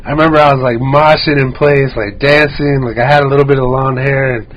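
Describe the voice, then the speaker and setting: Animated swearing man telling stories. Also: medium pitch, fast talker. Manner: animated, swears a lot, acts out quotes. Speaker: podcast guest. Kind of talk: casual storytelling chat. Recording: dull lo-fi sound with faint hiss.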